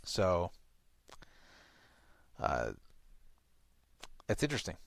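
A man hosting a casual talk show, chatting in a relaxed, rambling, wry way. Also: deep voice, drawn-out words, creaky, slight background noise. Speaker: show host.

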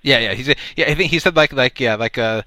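A man with a bright, forward voice hosts a radio talk show, spinning a rambling anecdote and stumbling over repeated words. The sound is close and dry with almost no room. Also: mid-range voice, fast, dry recording. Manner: rambling, repeats words, laughs at his own story. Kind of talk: casual storytelling chat.

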